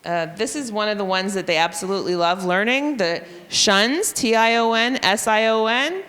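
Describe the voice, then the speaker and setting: A woman teacher presenting a reading intervention method to other educators, spelling out letters and sounds slowly and clearly. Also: mid-range voice, fairly bright tone, in a large hall. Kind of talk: professional development presentation. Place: school room or hall.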